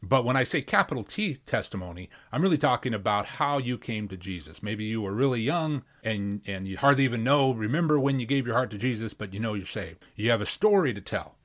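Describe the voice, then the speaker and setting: A man preaching a sermon, animated and acting out voices as he tells stories. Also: medium pitch, brisk, few pauses.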